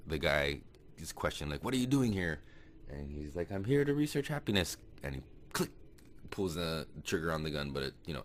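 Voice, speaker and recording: A man's voice: very deep voice, fairly bright tone. A man casually recapping a movie plot, rambling and swearing, with many fillers and restarts. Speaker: podcast host.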